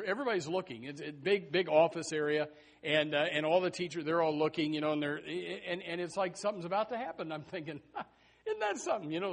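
A man's voice: fairly high pitch, a bit bright. A middle-aged man preaching a sermon, telling a personal story in a rambling way with many restarts.

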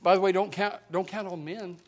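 A middle-aged man preaches to his congregation in a high, light voice. He talks in a folksy, rambling way, repeating words and joking. His sermon sounds like a casual chat with the people in front of him. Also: fairly even intonation, a little fast. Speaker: pastor.

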